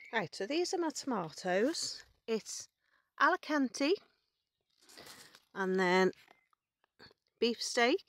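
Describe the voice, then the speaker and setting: Woman, casual garden vlog, practical step-by-step talk, slightly breathless, outdoors. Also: mid-range voice. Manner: chatty, practical, explains step by step. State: a bit out of breath. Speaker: gardening vlogger.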